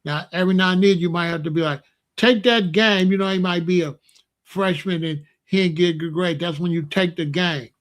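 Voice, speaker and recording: A middle-aged man tells stories in a casual, folksy way. He hosts an online show and often breaks into loud exclamations. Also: fairly high pitch, fairly even intonation, fairly quick. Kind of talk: casual storytelling monologue.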